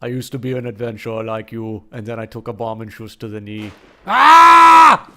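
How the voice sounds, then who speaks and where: A man doing an exaggerated mock-German accent for a loud, theatrical hammy character during a game stream. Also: on the low side, level tone, quick pace, heavy background noise, voice pushed down, natural voice.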